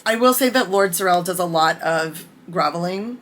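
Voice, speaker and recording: A woman giving a casual book review vlog, candid and excitable, reading out her notes with bursts of swearing. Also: lowish voice, unhurried, slight background noise.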